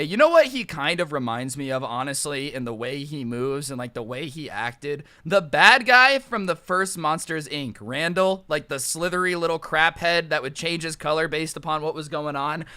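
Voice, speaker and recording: Animated sarcastic young American man. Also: on the high side. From United States. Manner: animated, sarcastic, quick asides. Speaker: storytime YouTuber. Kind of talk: comedic storytime monologue.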